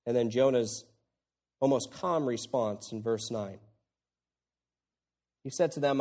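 A man preaching an expository sermon, moving between hushed lines and loud, exclaiming ones. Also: medium pitch, slow, long pauses. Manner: animated, swings from hushed to exclaiming.

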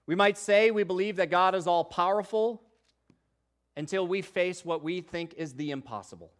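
A man preaching a sermon who moves from hushed, low passages to loud, emphatic ones and voices the doubts of biblical figures. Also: moderate pace. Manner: acts out the voices of doubters in scripture. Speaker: pastor.

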